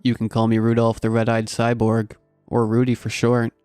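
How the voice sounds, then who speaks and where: Storybook figure: menacing robotic cyborg reindeer, flat delivery, dark tone, read by a male narrator. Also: mid-range voice, moderate pace, clear, resonant tone, no echo, soft background music, lightly acted. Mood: ominous.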